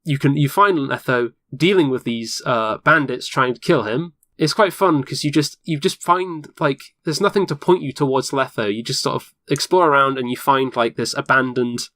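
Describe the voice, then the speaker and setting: A man's voice: medium pitch, normal speed, few pauses, a bit bright, no echo, clean studio sound. A man co-hosting a podcast in casual chat, explaining things enthusiastically. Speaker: podcast co-host. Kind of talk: casual chat about a video game.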